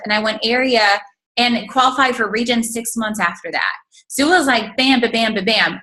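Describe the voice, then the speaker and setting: A woman leads her sales team in a motivational talk over a video call. Her voice is bright and a little high. She talks with eager energy, leaning on fillers and faith-based encouragement. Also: poor audio. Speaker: network marketing team leader.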